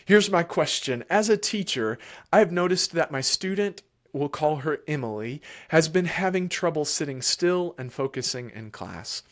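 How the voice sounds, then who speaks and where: A man who is a child therapist, answering parents' questions live in a calm, emphatic way and repeating key phrases. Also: fairly high pitch, moderate pace. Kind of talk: live Q&A advice.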